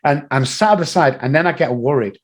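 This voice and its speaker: Speaking a little high and a little fast, this male guest, an addiction recovery coach, animatedly shares motivational stories and performs the voices of their characters.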